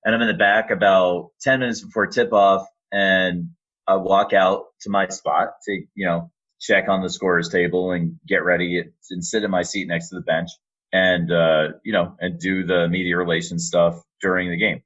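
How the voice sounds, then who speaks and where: A man with a very low, deep voice tells stories with animated energy, acting out quoted lines as he goes. He sounds like a guest on a casual podcast. The audio is a little dull and lo-fi. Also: moderate pace. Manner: animated storyteller, acts out quotes. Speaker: podcast guest, announcer and voice actor. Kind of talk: casual storytelling interview.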